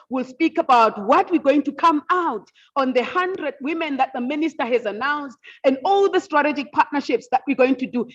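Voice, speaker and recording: A woman moderating a virtual seminar, emotional and formal, with many fillers. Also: high voice. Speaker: event moderator. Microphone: video call. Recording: dull lo-fi video call audio.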